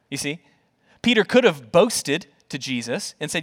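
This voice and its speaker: A male pastor preaching a sermon in an earnest, conversational way, with rhetorical questions and repeated words, dropping to a soft, quiet voice for tender points. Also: a little high, sing-song, moderate pace.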